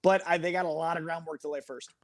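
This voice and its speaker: An eager man on a casual panel talks with fan enthusiasm. His voice sits fairly high and the sound is dry and close. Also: level tone, quick pace, no room sound.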